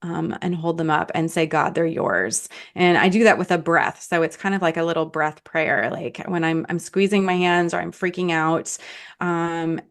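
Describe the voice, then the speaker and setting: A woman's voice: on the low side, steady tone, moderate pace. A middle-aged woman, an author guest on a podcast, talking casually with many fillers and frequent laughs. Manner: warm, laughing, thinks aloud with many fillers.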